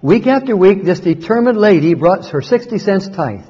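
A pastor earnestly narrating his own story with a high, lively voice. A husky edge runs through his speech. The recording is dull, with a long reverb hanging behind it. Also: normal speed. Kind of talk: first-person storytelling.

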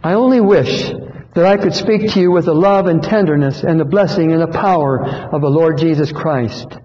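A man's voice: a little high, moderate pace, warm tone. A man preaching a sermon in a church hall, earnest and pleading, repeating phrases for emphasis. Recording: dull echoey hall recording.

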